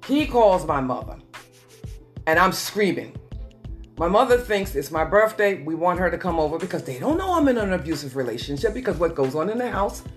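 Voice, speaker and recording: A woman with a somewhat low voice tells her story as a guest, earnest and repetitive, slowing down to press her words. Faint music plays softly underneath. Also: very animated. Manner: repetitive, earnest, slows for emphasis. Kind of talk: emotional personal testimony.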